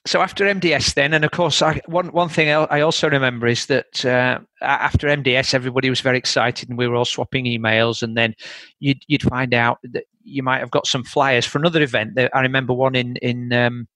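A man's voice: mid-range voice, little pitch movement, fairly quick, sharp tone, no room sound. A man hosting a conversation, chatty and telling stories with many restarts. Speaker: host. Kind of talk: casual conversation.

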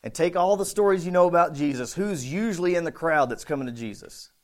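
A man preaching a casual, conversational sermon, acting out bits of the story with shouts and voices. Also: fairly high pitch, animated, quick pace. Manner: conversational, thinks aloud with restarts. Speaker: pastor.

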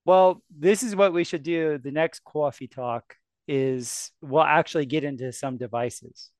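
A man's voice: fairly high pitch, a little slow, no room sound. A man hosting a casual chat, enthusiastic and affectionate, often restarting his sentences. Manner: warm, enthusiastic, stumbling restarts. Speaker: podcast host. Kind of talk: casual conversation.

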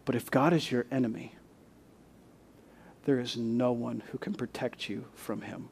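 A man's voice: mid-range voice, unhurried, creaky, darkish tone, a little hiss or hum. A male pastor preaching a sermon, building to emphatic rhetorical questions and reading scripture aloud.

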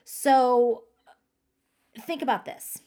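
A woman's voice: a little high, drawn-out words, dark tone. A woman hosting a faith-based podcast for moms, talking earnestly and directly to her listeners. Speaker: podcast host.

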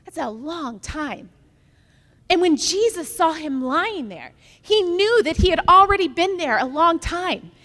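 Woman pastor, high-pitched, preaching with long hall reverb. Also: animated, a little slow, a bit bright. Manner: storytelling, building to emphatic repeated lines. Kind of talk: sermon.

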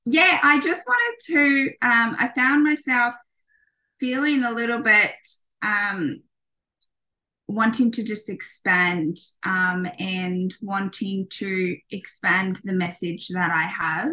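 A woman's voice: mid-range voice, slow, pushed and bright. A woman in her thirties, a podcast guest, talking casually with many ums and restarts.

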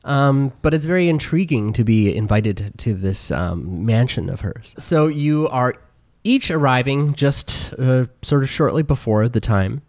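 A game master narrating a tabletop game, halting often with fillers. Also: mid-range voice, lively intonation, a little mellow, dry recording, studio quality.

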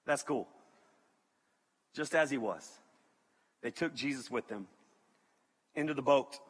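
A man preaching to students as a youth pastor, animated and joking, talking to the crowd. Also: medium pitch, slow, husky. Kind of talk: sermon to students. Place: large hall with audience. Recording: reverberant hall.

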